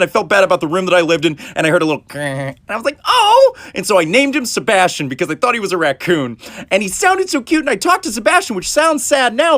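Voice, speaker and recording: A young man telling comedic personal stories in an animated, playful way, jumping into high squeaky voices for quotes. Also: dry recording, clean studio sound. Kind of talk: storytelling comedy clips.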